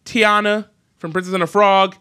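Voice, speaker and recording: Young male host for a loose entertainment chat show; bright, lively delivery full of jokes. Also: high voice, moderate pace, clean tone. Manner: joking, animated storyteller who mimics voices. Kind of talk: casual podcast chat.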